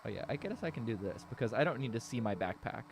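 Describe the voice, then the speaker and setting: A man's voice: medium pitch, fast, creaky, slight background noise. A man casually commentating a story game and joking with his chat. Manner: relaxed, joking and chatty with chat. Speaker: game streamer. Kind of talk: casual let's-play commentary.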